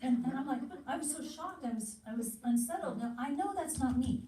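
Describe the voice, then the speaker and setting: Woman teaching in an animated way, warm dark voice, off-mic in a roomy hall. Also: high voice, brisk, recorded from a distance. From from another country. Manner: storytelling, acts out inner voices. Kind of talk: animated teaching talk to an audience. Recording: roomy hall, speaker off-mic, faint hiss.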